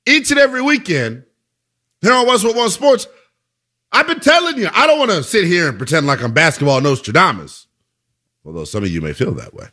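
A man's voice: high voice, sing-song, a little fast, bright, forceful tone. A man hosting a sports talk radio show, delivering an emphatic, conversational monologue full of rhetorical questions.

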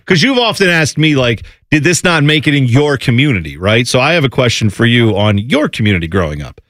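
Animated chatty male radio host. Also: fairly quick, a little hiss or hum. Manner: animated, jokey, lively delivery with pitch jumps when quoting. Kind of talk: casual sports radio banter.

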